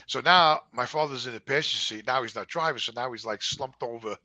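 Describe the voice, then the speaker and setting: A man's voice: medium pitch, fairly quick, bright, forceful tone, no echo, poor audio. A man, telling a long personal story on a podcast and rambling with lots of "you know.". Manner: rambling, repeats words and says "you know" a lot. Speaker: podcast co-host. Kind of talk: casual storytelling chat.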